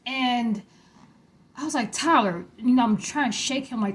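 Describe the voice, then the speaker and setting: A young adult woman casually telling a frightening personal story, growing animated and louder when alarmed. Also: normal speed. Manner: animated, rising in pitch and loudness when alarmed.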